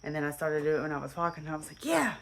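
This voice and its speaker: A woman with a low, deep voice tells a personal story in a casual, rambling way. She backs up and restarts her sentences often and fills the gaps with fillers. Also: level tone, racing, a little hiss or hum.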